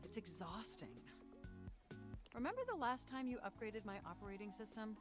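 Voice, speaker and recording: A woman's voice: medium pitch, moderate pace, natural voice. A woman voicing a talkative female computer operating system in a video game, groggy from an update and joking about it. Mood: wry, chatty. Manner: lively, joking, conversational. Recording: game music underneath. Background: game music.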